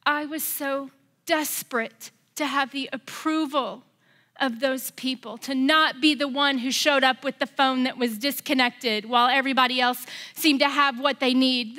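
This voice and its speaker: A woman's voice: high-pitched, steady tone, normal speed, bright, forceful tone. A middle-aged American woman pastor preaching a sermon, telling a personal story and building to passionate exhortation.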